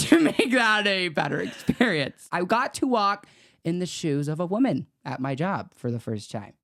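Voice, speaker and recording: A young man co-hosting a podcast, telling crude, animated stories in casual chat with a lot of swearing. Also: on the high side, brisk. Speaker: podcast co-host.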